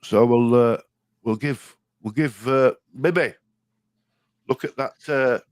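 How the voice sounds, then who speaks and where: A man's voice: medium pitch, slow, no echo, studio quality. Older Yorkshire man chatting on a stream. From Yorkshire, England. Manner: chatty, reads viewer comments aloud, jokey. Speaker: live stream co-host. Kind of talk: casual live stream chat.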